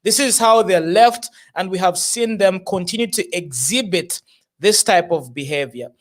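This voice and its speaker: A man's voice: high-pitched, normal speed. Man hosting a political panel. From Zambia. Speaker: show host.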